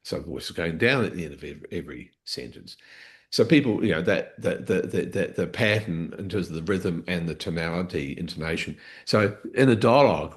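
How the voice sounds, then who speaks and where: A man coaching a live training session, explaining step by step, restarting phrases and checking in with "okay?". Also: low voice.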